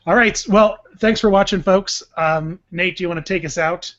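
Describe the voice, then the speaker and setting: Brief: male podcast co-host, high voice, excitable and profane, muffled sound. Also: normal speed. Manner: animated, swears casually. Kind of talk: casual chat. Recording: dull lo-fi podcast audio.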